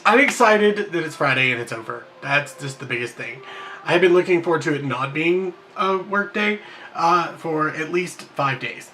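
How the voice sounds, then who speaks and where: A man's voice: a little high, sharp tone, a little hiss or hum. A man, rambling casually in a daily vlog, self-deprecating and full of fillers. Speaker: vlogger. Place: at his workplace in the evening.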